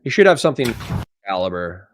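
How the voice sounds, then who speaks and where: A man's voice: lowish voice, very animated, fast talker. A man hosting a livestream, reading out chat messages and answering them in a blunt, profane, conversational way. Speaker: livestream host.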